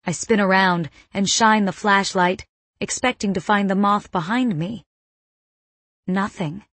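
A woman reading a first-person novel as an audiobook narrator, in a measured, suspenseful manner on a close mic. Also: medium pitch, a bit bright, no room sound.

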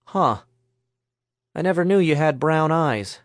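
A man's voice: fairly high pitch, expressive, slow pace, no echo, studio quality. A man doing a wisecracking easygoing young guy. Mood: quippy. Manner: quippy, upbeat.

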